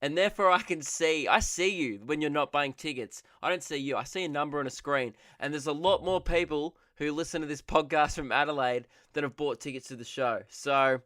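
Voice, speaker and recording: A man's voice: on the high side, brisk, few pauses, a bit bright, no echo, clean studio sound. A young man hosting his own comedy podcast, rambling and sarcastic, often laughing at his own jokes.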